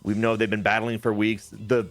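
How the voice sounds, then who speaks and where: A man giving animated, jokey play-by-play of a wrestling video game, telling the story of each match with quick asides. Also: fairly low pitch. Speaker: game commentator.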